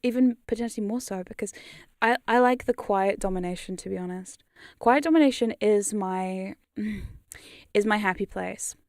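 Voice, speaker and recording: A British woman whose accent is drifting toward New Zealand chats casually with her stream. She rambles, mocks herself and laughs often, at a mid pitch. She is recorded dry and close on a condenser mic. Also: moderate pace, a little mellow, no room sound. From United Kingdom. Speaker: hypnosis content creator. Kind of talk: casual livestream chat. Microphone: studio condenser mic.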